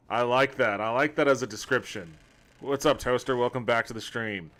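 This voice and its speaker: A man's voice: mid-range voice, moderate pace, a bit bright. Rambling, joking male streamer. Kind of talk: casual let's-play chat.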